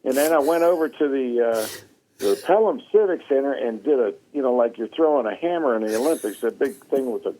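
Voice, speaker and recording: Animated Southern man telling a story. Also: mid-range voice, fairly quick, slight background noise, poor audio. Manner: animated storyteller, acts out quotes, laughs often. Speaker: guest. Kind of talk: casual storytelling chat.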